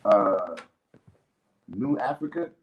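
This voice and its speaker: A man's voice: on the low side, expressive, slow pace, muffled recording. A man hosting a livestream in casual chat, laid-back and laughing often, trailing into asides. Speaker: livestream host.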